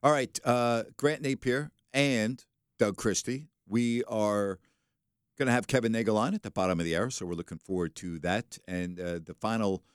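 A man's voice: fairly low pitch, clear, resonant tone, no echo, studio quality. A man hosting a sports radio show, chatting casually and telling stories with laughter. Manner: animated storyteller, laughs while telling. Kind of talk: casual radio chat and storytelling. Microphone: studio microphone.

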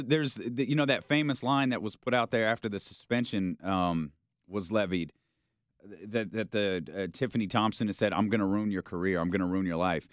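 A man hosting a sports talk show, arguing his point in a casual, animated way and acting out how people might react. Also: lowish voice, normal speed, no room sound, clean studio sound. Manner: animated, argumentative, acts out quoted reactions.

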